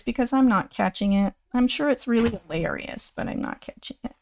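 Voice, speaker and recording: A woman in her sixties hosts a livestream, chatting casually, rambling and poking fun at herself as she thanks her viewers. Her voice is fairly high and a little mellow, and she speaks briskly with hardly any pauses. The sound has no echo.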